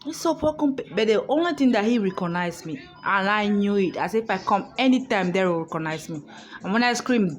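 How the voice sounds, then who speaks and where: A woman's voice: medium pitch, lively intonation, a little fast, faint music behind. Outspoken woman vlogger, emphatic. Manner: emphatic and outspoken, swears freely. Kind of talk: casual storytelling monologue. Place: hotel room.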